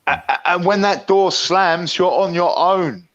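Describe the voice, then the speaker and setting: A man speaking as a guest on a casual panel, reflective and halting, over a video call. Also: high voice, fairly bright tone, no room sound, highs cut off.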